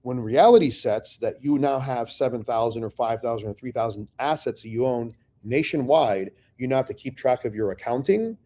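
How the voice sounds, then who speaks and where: A man with a dark, mellow voice tells his business stories with blunt, profane candor. He talks in a loose, conversational way, breaking into the voices of people he once argued with. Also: medium pitch, normal speed. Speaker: real estate investor guest. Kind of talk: candid conversational storytelling.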